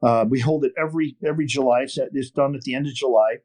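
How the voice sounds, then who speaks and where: An older man from northern Wisconsin telling a long story in an interview, animated and full of restarts. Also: medium pitch, fast. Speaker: podcast guest, fishing TV host. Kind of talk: storytelling interview over a call.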